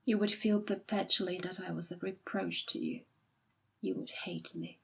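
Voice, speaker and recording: Jilted young woman, dignified and quiet, breathy husky timbre, as voiced by a woman reader. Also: on the low side, fairly even intonation, moderate pace, full character voice. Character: jilted young woman, proud and self-sacrificing. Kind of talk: audiobook reading.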